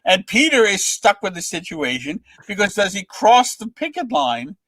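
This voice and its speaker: Older male guest, lively anecdote teller, high bright voice with big swings, dry close mic. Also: moderate pace, no echo. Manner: lively storyteller, acts out voices in quotes. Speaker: comics writer, guest. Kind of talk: animated anecdote telling.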